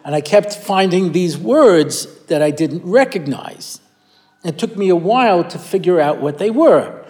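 A man's voice: high-pitched, lively intonation, measured pace, warm tone. A man giving a Torah class who tells stories and acts out quoted voices, often restarting his phrases, recorded in a hall with a live audience. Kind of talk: Torah lecture with storytelling. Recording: long hall reverb.

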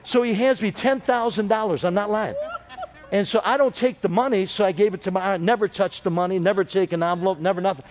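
A man's voice: sits high, quick pace, a little mellow. A middle-aged man preaching as a pastor, telling stories and calling on the congregation for amens. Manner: storytelling preacher with call-and-response. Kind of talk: sermon.

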